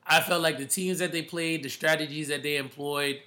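A man's voice: a little high, steady tone, brisk, pushed and bright. A man hosting casual sports talk, emphatic and slangy, often calling people bro.

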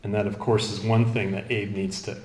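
Lower-voiced man preaching in an echoey room. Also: a little fast. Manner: expository, animated, quotes scripture. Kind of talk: sermon.

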